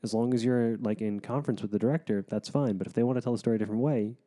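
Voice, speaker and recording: Fast-talking, wry male actor. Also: medium pitch, steady tone, dark tone. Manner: wry, self-mocking storytelling. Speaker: actor guest. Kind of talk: casual podcast chat.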